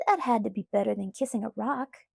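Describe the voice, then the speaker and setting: A woman's voice: fairly high pitch, gravelly, a little mellow, breathy edge, no room sound, studio quality, full character voice. Jacob, a cocky teenage boy, as a woman reads him. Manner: easygoing, coaxing, unhurried.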